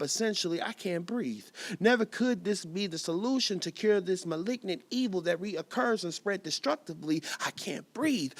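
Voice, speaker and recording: A man performing spoken-word poetry at a live reading, with a rhythmic refrain that swings from whispers to loud emphasis. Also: high-pitched. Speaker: poet reading at a live event. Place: performance venue.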